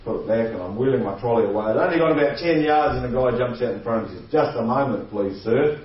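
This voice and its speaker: A man tells a funny anecdote with a lively delivery, slipping into other people's voices and chuckling along the way. He sounds set back from the mic in a very echoey space, and the sound is a little dull. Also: medium pitch, very fast, far from the mic. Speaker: guest storyteller. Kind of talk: comedic anecdote.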